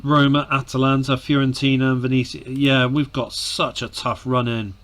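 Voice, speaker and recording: A man giving emotional casual commentary on his football management game, sighing, groaning and breaking into shouts, often repeating words. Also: medium pitch, level tone, moderate pace. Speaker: gaming commentator. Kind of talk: casual let's-play commentary.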